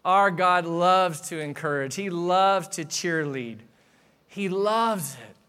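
A man, a pastor, preaching a sermon in a conversational way, asking the audience questions and moving between soft asides and emphatic declarations. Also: sits high, slow, clean tone.

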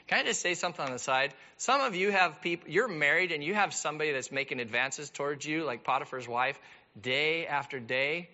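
A man's voice: fairly high pitch, sharp tone. A man preaching a sermon as pastor, telling the story with joking asides. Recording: dull lo-fi sound.

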